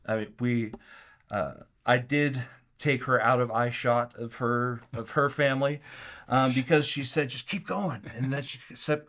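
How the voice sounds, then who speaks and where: A man telling a story as an interview guest, animated and acting out the quotes, with frequent restarts. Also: medium pitch, a little slow. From Kansas City area.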